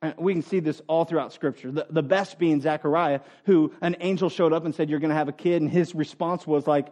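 A man preaching a sermon who speaks as a parent and coach, repeating phrases for emphasis and swinging between loud emphatic stretches and soft low asides. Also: steady tone, brisk. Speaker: pastor.

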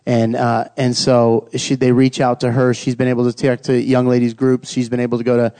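A man tells his family's faith story in a relaxed, conversational way. His voice is mellow and warm, and he often slips into short quoted asides. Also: medium pitch, fairly quick. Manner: casual, earnest, uses quoted asides. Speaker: husband sharing testimony.

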